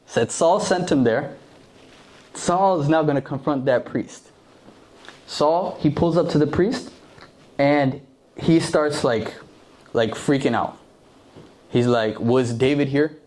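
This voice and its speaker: A man's voice: a little high, darkish tone. A young man preaching a casual sermon to a youth group, slangy and conversational, acting out the characters.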